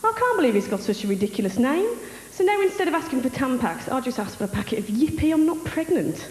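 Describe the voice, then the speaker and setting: A woman's voice: high-pitched, big pitch swings, quick pace. A woman from Wolverhampton with a Black Country accent doing a brash, chatty stand-up routine on stage. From Wolverhampton, England. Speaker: stand-up comedian. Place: comedy stage in a hall. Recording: roomy hall reverb, faint hiss.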